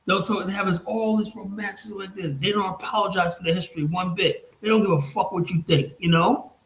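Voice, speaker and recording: A man's voice: high voice, steady tone, brisk, vocal fry, a bit bright, reverberant, low-quality recording. A man hosting a podcast, talking bluntly and profanely in a heated casual discussion. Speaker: podcast host.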